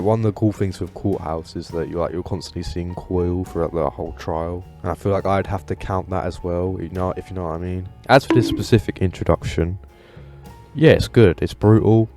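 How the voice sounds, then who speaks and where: Deep-voiced man rambling about games. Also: darkish tone. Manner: enthusiastic, rambling with many fillers. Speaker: gaming video host. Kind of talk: casual commentary.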